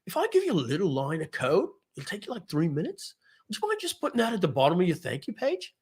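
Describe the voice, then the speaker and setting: A man putting on an exaggerated, deliberately poor Australian accent to play a chummy business mate coaxing someone for a favor, speaking soft and high. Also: huge pitch swings, breathy edge, heavily acted.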